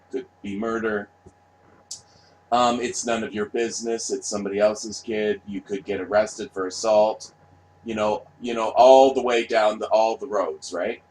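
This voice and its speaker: A man delivers a blunt, heavily profane rant straight to his audience. He circles back on words, stumbles through restarts and punctuates his points with "right?" His voice sits at a middling pitch. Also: poor audio. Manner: profane, blunt, repetitive, asks "right?" often. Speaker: vlogger. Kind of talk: ranting monologue.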